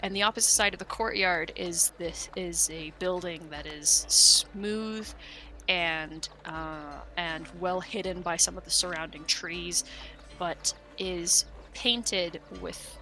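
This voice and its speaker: Slow, hesitant woman game master. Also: fairly low pitch, sharp tone, soft background music. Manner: hesitant, many fillers, laughing. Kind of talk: narrating a tabletop game.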